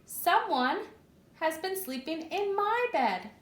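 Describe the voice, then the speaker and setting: A woman voicing a middle-sized mother bear in a gentle storybook voice. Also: very high voice, big pitch swings, takes it slowly, voice pushed up, exaggerated voice. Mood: complaining. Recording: echoey room.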